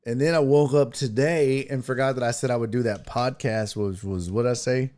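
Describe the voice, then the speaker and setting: A man's voice: mid-range voice, normal speed. A man hosting a sports podcast, telling a rambling, profane story in casual chat. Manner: rambling, profane storytelling with animated quoted asides.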